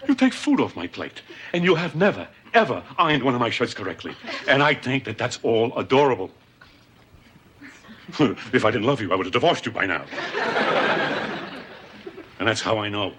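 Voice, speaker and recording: An actor playing an exasperated middle-aged husband in a sitcom, blustering and then tender. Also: male voice, medium pitch, big pitch swings, moderate pace, pauses often, a bit bright, slight background noise. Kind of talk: sitcom acting before a studio audience.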